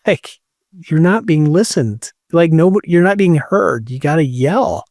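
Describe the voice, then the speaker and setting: A man's voice: a little high, animated, normal speed, darkish tone, dry recording, clean studio sound. A man in a casual chat, telling a story candidly, swearing freely, full of "like" fillers and laughing mid-sentence.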